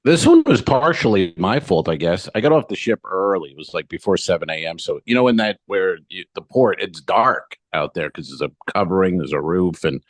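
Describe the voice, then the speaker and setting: Low-voiced man telling a rambling story. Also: expressive, a little fast, few pauses, dry recording. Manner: profane, storytelling, acts out both sides of dialogue. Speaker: podcast co-host. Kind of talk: casual comedic chat.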